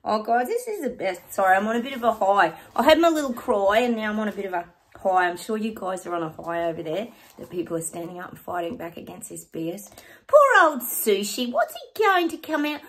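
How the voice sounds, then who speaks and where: A woman's voice: medium pitch, fast talker, hardly any pauses. A woman, hosting her own psychic channel and chatting casually and effusively to her viewers.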